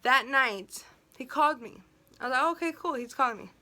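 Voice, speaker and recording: A woman's voice: high voice, expressive, brisk, sharp tone. A young woman telling a personal story on her vlog, emotional and venting, filled with "like" and quoted dialogue.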